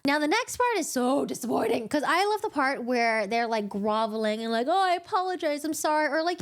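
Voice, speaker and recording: A young woman gives a casual, rambling recap of a novel to her viewers. She giggles often and jumps into playful voices for the characters. Her voice sits a little above the usual pitch for a woman. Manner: chatty, giggly, acts out characters in quick put-on voices. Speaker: book channel host.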